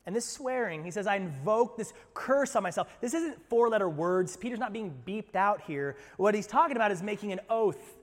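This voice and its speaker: A man with a fairly high voice preaching a sermon in a church, with long reverb trailing his words. He is animated, jumping between loud outbursts and hushed, low asides. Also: moderate pace. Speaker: pastor. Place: church sanctuary.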